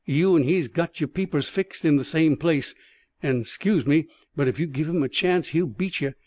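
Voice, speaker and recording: A man voicing a rough, good-hearted ex-circus man in a rustic Cockney-mixed dialect, drawling and blunt. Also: fairly high pitch, moderate pace, a little mellow, no echo, close to an everyday voice. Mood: confiding. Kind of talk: audiobook character voice.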